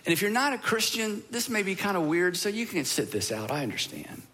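Male pastor, slightly higher voice, earnest sermon delivery with hushed moments. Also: fairly quick. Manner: earnest, swings from animated emphasis to hushed, near-whispered lines. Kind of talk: sermon closing with prayer.

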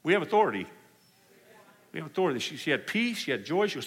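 A man's voice: a little high, quick pace, husky. Man preaching in an echoing hall. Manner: animated storytelling, acting out quoted voices. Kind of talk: storytelling sermon. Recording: hall reverb.

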